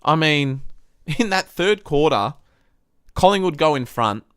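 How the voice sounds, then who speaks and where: Aussie bloke ranting on a live stream, swears a lot, pitch all over the place, dry sound. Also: male voice, measured pace, clean tone, no room sound. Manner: frustrated, heavy swearing, ranting; excitable, voice jumps up when worked up. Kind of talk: live-stream footy review.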